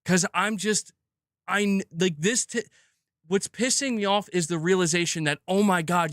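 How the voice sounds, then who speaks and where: A man's voice: high-pitched, normal speed, fairly bright tone, dry recording, clean studio sound. A man hosting a gaming news stream, ranting angrily with lots of swearing and repeated outbursts. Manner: angry, profane, repetitive outbursts. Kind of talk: live stream rant.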